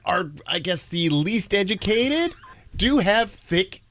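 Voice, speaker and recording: A man's voice: high voice, sing-song, takes it slowly, fairly bright tone. A man on a radio morning show who talks in a hesitant, hedging way in the studio. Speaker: show member.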